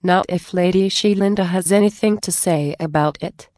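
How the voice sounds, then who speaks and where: Wry male officer with dry, teasing jabs, read by a woman, low and slow, dry close sound. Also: darkish tone, no room sound, lightly acted.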